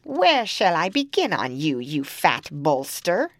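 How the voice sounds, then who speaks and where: A cruel, hungry witch drags out her words loudly and with menace, as a woman reading a fairy tale puts her on. Her pitch leaps up and down. The sound is dry and close. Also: wildly swooping pitch, no room sound, exaggerated voice. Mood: menacing. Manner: loud, drawn-out menace.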